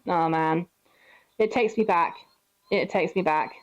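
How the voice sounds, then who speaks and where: A woman's voice: fairly low pitch, a little slow, lo-fi sound. A young woman streamer telling a story while playing, chatty, laughing often and swearing freely. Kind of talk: casual storytelling while gaming.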